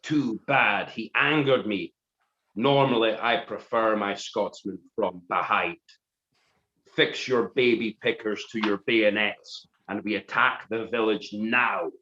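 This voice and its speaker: A man voicing a cruel, sneering villainous duke in a comic story, drawing out each word slowly. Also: on the low side, sharp tone, muffled recording. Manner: slow, sneering, drawn-out delivery.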